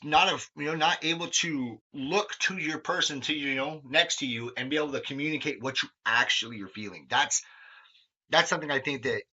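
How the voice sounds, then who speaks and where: Bright-voiced man rambling candidly. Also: on the high side, a little fast. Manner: rambling, swears often, lots of fillers. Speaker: podcast host. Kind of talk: candid conversational chat. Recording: dull lo-fi sound.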